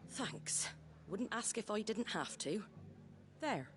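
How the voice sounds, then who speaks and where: A woman's voice: mid-range voice, sing-song, takes it slowly, a little hiss or hum. An actress voicing a hearty, practical woman rebuilding her village, speaking in a folksy, blunt way in video game dialogue. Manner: folksy and blunt, dropping word endings.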